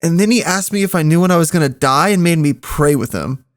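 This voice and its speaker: Young guy on a podcast, pretty high voice, laughing through a wild work story. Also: fast talker. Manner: laughs often, animated retelling. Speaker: podcast co-host telling a story. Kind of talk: casual storytelling.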